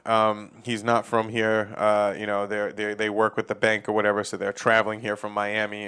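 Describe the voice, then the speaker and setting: A man's voice: fairly low pitch, fairly bright tone, smooth. A man from Massachusetts hosting a comedy podcast, ranting casually with lots of swearing and laughing at his own jokes. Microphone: facing a camera.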